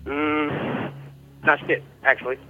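A man's voice: on the high side, level tone, takes it slowly, faint music behind. A man calling in, giving short laid-back answers in a casual phone call. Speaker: caller.

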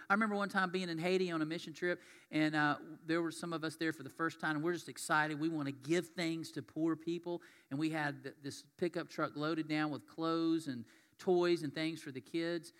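A man's voice: a little high, fairly even intonation, fairly quick, fairly bright tone, big-room sound. A man preaching a sermon, chatty and folksy, mixing scripture reading with stories. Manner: folksy, conversational, reads scripture aloud. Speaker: pastor. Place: church sanctuary.

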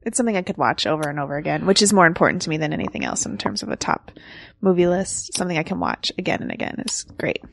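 A young woman co-hosting a casual movie podcast, chatty and quick to laugh, hedging her opinions. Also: deep voice, sing-song, gravelly, no echo. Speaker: podcast co-host.

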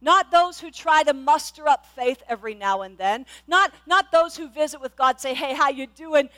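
A woman's voice: sits high, expressive, moderate pace, a bit bright. A middle-aged woman pastor preaching a sermon with passion, often repeating her words and stumbling on restarts.

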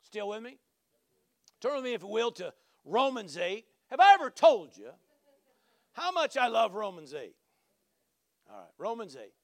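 A man preaching with a high, bright voice. He tells his story in a rambling, animated way, with restarts and bursts of loud exclamation. The sound is dry and close, with no room echo. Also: moderate pace, pauses often. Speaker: pastor. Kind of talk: sermon with a personal story.

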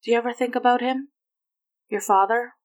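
A woman voicing a tired, tender adult mother who speaks softly and gently. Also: on the high side, steady tone, a little fast, voice pushed up, close to an everyday voice. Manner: soft and gentle.

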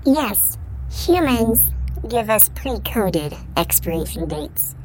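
A woman voicing a cold, defiant female robot in an audio drama, speaking in a flat, clipped, calculating way. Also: mid-range voice, slow pace. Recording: noisy background hiss.

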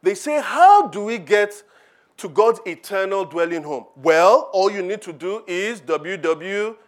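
Animated preaching man, lively high voice. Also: unhurried. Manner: animated preaching, acting out quoted voices, rhetorical questions. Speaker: pastor. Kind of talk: sermon. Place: church.

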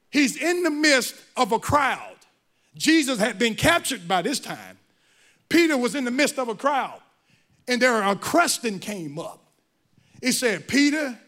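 High bright-voiced preaching man. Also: big pitch swings, measured pace, pauses often. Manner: emphatic preaching with repeated phrases. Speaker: pastor. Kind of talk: sermon.

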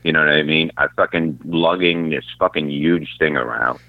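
Deep-voiced man ranting over a phone line. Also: normal speed, dry recording. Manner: profane, ranting, animated storyteller. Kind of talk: casual chat. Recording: tinny phone-like line, dry.

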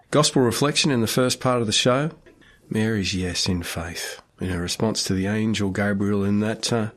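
A man hosting a faith radio show, presenting in a relaxed, chatty way with a few restarts. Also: lowish voice. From Australia. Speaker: radio host.

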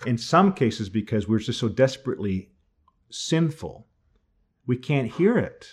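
A man's voice: mid-range voice, sing-song, a little slow. A man teaching a class on church doctrine in a conversational way, thinking aloud and often restarting his sentences.

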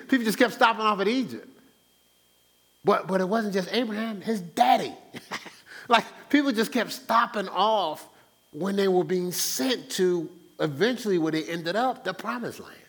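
A man preaching a conversational sermon as pastor, animated, stumbling over restarts and acting out the voices he quotes. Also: a little high.

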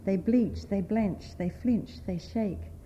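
A woman reading aloud, voicing a sly young hop picker who makes mock-polite, fast-talking excuses. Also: mid-range voice, mellow, dull audio, slight background noise, lightly acted. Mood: cheeky.

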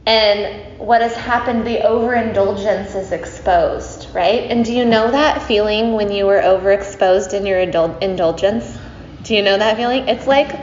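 A woman teacher tells a story to a group, chatty and playful, and often turns to her listeners with asides. Her voice sits a bit high. The recording is roomy and slightly dull, with faint background hiss. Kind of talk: casual spoken storytelling.

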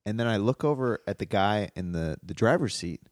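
Low-voiced man telling a heated story. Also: fairly quick, no echo, studio quality. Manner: animated, worked-up storytelling. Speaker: podcast co-host. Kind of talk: casual chat, storytelling.

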